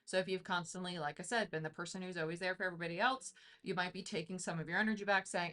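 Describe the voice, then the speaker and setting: A woman's voice: lowish voice, fairly even intonation, fast talker, few pauses, fairly bright tone. A woman giving a casual tarot reading, chatty and intuitive, thinking aloud with lots of fillers. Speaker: tarot reader.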